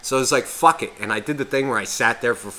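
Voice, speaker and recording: A man's voice: mid-range voice, fast talker, pushed and bright, slight background noise. A man co-hosting a podcast, telling a rambling story in casual chat full of swearing. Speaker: podcast co-host.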